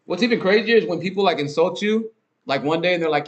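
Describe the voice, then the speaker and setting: A man's voice: sits high, fast talker. A man hosting a podcast, ranting in a casual, rambling monologue with frequent swearing, fillers and restarts. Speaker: podcast host.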